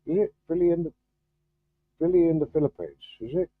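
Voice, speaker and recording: Halting man on a tinny line. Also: a little high, expressive, no room sound. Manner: halting and distracted, many restarts while fiddling with stream settings. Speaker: livestream host. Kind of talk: casual livestream chat. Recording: thin phone-like video-call audio.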